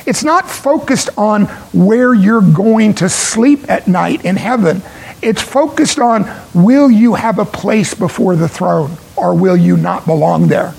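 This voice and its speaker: Gravelly high-voiced male preacher. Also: lively intonation, a little mellow, low-quality recording. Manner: earnest, emphatic preaching with pauses. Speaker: pastor. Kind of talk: sermon.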